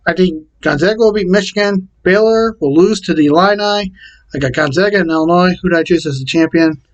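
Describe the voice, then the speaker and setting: Man, higher-pitched, casual vlog talk, plain and repetitive, stops and restarts often. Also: a little fast, low-quality recording. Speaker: vlogger. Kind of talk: casual talk to camera, reading out picks.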